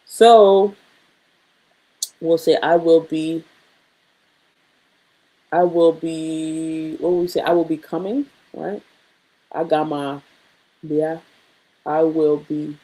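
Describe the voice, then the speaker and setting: A woman's voice: low-pitched, fairly even intonation, takes it slowly, pauses often, warm tone, poor audio. A woman building a language study sheet on screen, thinking aloud, muttering and correcting herself as she types practice phrases. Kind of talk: casual screen-share lesson, thinking aloud.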